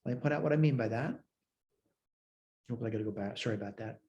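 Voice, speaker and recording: Mellow-voiced man teaching math. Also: medium pitch, fast, highs cut off. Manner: talks through worked steps aloud, self-checking. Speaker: math instructor. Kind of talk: recorded math lecture.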